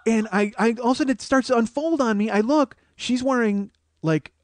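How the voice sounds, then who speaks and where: High-pitched guy ranting a comedy story on his podcast, swears a lot, dead dry room. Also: fairly quick, no room sound. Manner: profane, rambling, excitable storyteller. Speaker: podcast host.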